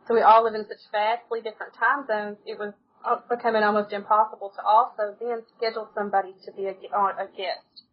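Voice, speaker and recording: A woman's voice: mid-range voice, level tone, brisk, muffled recording. A woman from the United States, telling stories as a podcast guest in a casual, chatty way and laughing often. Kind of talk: casual interview chat.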